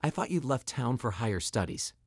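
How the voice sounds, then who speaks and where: A man's voice: medium pitch, sing-song, fairly quick, vocal fry, breathy edge, no room sound, clean studio sound, full character voice. A man voicing a fragile, sick young mother who speaks wearily and tearfully in a spoken story. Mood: weary. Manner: weary, tearful.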